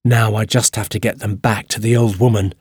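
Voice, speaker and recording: A man voicing a scared but determined young girl in a storybook reading, speaking in hushed, urgent tones. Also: on the low side, little pitch movement, a little fast, breathy edge, no echo, studio quality. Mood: eager.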